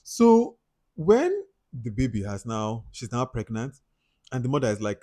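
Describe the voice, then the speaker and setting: A man with a Nigerian accent giving a casual, chatty film review, animated and laughing often. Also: medium pitch, measured pace.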